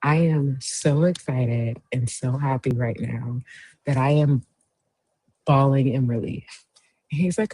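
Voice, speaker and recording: A woman hosts a casual livestream, chatty and encouraging as she reads out viewer comments. Her voice is husky and mellow, and she talks at an unhurried pace. The sound is close and dry. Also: a bass voice, dry recording, poor audio. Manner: chatty storyteller, cheers viewers on warmly. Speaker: host.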